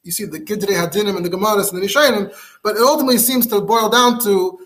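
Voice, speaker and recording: A man teaching a rabbinic law class, reading Hebrew sources aloud and explaining them in quick, animated English. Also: sits high. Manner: fast and animated, mixing English with Hebrew text. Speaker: rabbi giving a Talmud class. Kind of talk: Torah class lecture.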